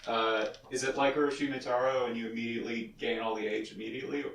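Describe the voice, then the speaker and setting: A man's voice: mid-range voice, fairly even intonation, fast, a bit bright, a little hiss or hum. A man in the audience asking a question hesitantly, searching for words. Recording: distant mic in an echoey room.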